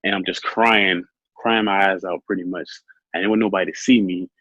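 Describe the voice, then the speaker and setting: A man telling his own story as an interview guest, soft-spoken and halting with many fillers. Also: low voice, fairly even intonation, no room sound, muffled recording.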